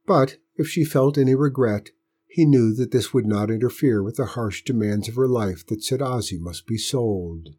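A man reading a story aloud as narrator, in a steady, measured way. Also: medium pitch, husky.

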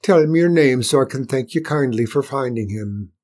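A man voicing a warm, hearty weaver, talking briskly. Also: mid-range voice, animated, close to an everyday voice. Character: warm red-haired Irish weaver, grown man.

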